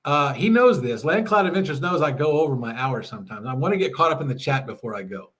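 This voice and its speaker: A man's voice: on the high side, animated, quick pace, fairly bright tone, husky. A middle-aged man hosting a casual livestream, chatting with viewers and reading their messages aloud with frequent laughs. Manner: chatty, laughs often, reads chat aloud. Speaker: livestream host. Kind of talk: casual live chat reading. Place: home RV.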